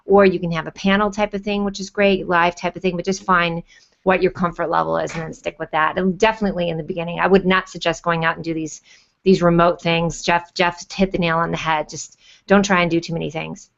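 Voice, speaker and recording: A woman on a panel, chatty and rambling, telling animated stories over a video call. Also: lowish voice, fairly quick, gravelly, highs cut off. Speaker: panelist and YouTube show host. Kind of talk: casual panel chat.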